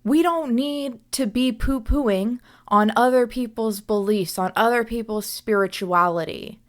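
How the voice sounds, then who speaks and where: A woman's voice: a little high, measured pace. A young woman hosting a reflective solo podcast as a coach, speaking earnestly and often checking in with "right?".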